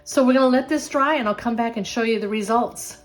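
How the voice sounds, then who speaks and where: A woman's voice: fairly high pitch, fairly quick, soft background music. An older woman hosting a casual craft tutorial, chatty and encouraging, with a self-deprecating streak. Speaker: craft channel host.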